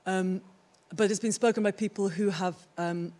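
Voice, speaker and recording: A woman's voice: medium pitch, steady tone, moderate pace, dark tone. A middle-aged woman giving a conference talk about her own art, thoughtful and searching for the right words. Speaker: artist presenting her work. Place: theatre stage.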